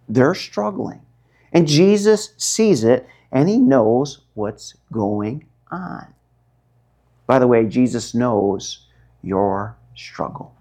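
A male pastor preaching a sermon, stretching out words for dramatic emphasis and swinging between quiet and loud. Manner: dramatic, drawn-out emphasis with wide swings in pitch and loudness.

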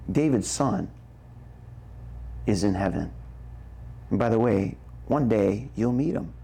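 A man preaching a sermon, slow and emphatic, checking in with the congregation as he goes. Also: on the low side, lively intonation, creaky, mellow, husky. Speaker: pastor.

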